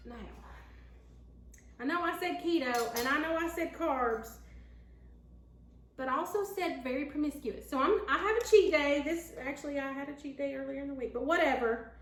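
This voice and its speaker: Chatty Southern woman, high voice. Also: moderate pace, echoey room. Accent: Southern American. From Tennessee. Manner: chatty and folksy, talks straight to viewers. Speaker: home cook. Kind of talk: casual cooking vlog. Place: home kitchen.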